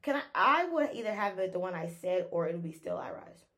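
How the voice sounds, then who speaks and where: A woman's voice: fairly low pitch, lively intonation, fairly bright tone. A woman co-hosting a podcast in casual chat, teasing and joking playfully. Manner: teasing, playful, quick jokes. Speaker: podcast co-host.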